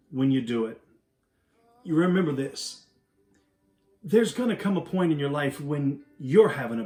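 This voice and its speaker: A middle-aged man telling a personal story and drawing a life lesson from it, earnest and animated, easing into a soft, quiet close. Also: medium pitch. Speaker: inspirational speaker. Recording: roomy echo with faint background music.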